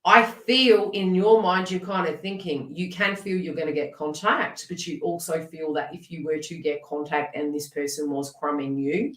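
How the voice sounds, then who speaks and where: Woman, chatty live tarot reader, lowish voice, off-mic in an echoey room. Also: moderate pace, hardly any pauses, recorded from a distance. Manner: chatty, animated, laughs often and talks to viewers in chat.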